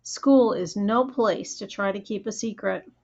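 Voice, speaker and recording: A woman narrates a first-person audiobook plainly and steadily in a mid-range voice at a measured pace. The recording is dull and lo-fi.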